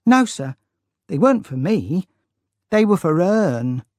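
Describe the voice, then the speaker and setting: A man's voice: high voice, big pitch swings, takes it slowly, a little mellow, no room sound, studio quality, pitched above the performer's own voice, heavily acted. A man reading an audiobook, voicing a timid, polite poor young girl who calls everyone sir, in a raised, meek voice. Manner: meek, respectful, says "sir" often. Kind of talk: audiobook character voice.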